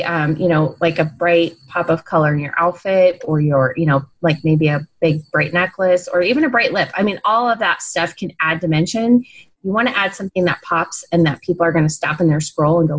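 A woman's voice: fairly low pitch, fairly quick, low-quality recording. A woman photographer giving practical, upbeat posing advice in a casual interview, laughing now and then. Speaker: photographer guest.

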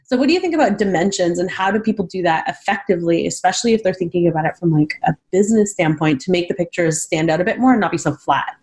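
A woman from Canada hosts a relaxed interview in a chatty, rambling way. She leans on casual fillers and laughs easily as she asks her questions. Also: fairly low pitch, fast, hardly any pauses. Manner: chatty, many "like" fillers, giggly. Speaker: podcast host.

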